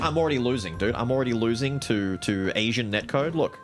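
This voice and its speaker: A man streaming a card game live, narrating his strategy, swearing and trash-talking the other players, with bursts of loud excitement. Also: mid-range voice, a little fast, faint music behind. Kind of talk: live gaming commentary.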